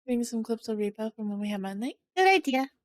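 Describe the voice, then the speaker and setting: Bubbly high-voiced woman streamer. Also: fast, no echo, clean studio sound. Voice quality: high-pitched excited voice. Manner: bubbly, chatting to viewers. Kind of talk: casual stream chat. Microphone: desk microphone.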